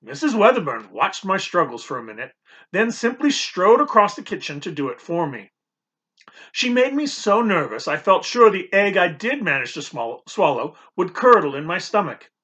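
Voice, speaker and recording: A man narrating an audiobook in the first person, expressive and nervous in tone. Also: sits high, moderate pace.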